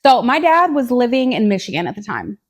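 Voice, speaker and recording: A woman in her twenties co-hosting a podcast, chatting through personal stories. She is blunt and candid, with dark jokes and frequent asides. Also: on the high side, big pitch swings, brisk, slightly rough. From Tennessee, USA. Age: 20s. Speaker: podcast co-host. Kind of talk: casual storytelling chat.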